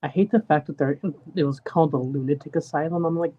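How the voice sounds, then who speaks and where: Co-host, husky and dry, on a dull, low-fi mic. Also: fairly even intonation, quick pace, hardly any pauses, no room sound. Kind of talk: casual live-stream chat.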